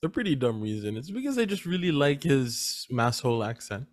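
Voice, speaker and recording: A man's voice: mid-range voice, sing-song, fairly quick. A man co-hosting a casual panel podcast, talking hesitantly with lots of fillers and restarts. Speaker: podcast co-host.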